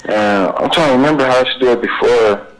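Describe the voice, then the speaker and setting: A young man, answering questions in a recorded police interview, halting and rambling, repeating himself with many fillers. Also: mid-range voice, rough recording.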